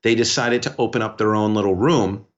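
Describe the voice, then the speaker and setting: A man co-hosting a podcast, telling a story in a rambling, animated way with lots of restarts. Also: fairly low pitch, fairly quick, muffled recording. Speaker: podcast co-host. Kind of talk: casual podcast conversation.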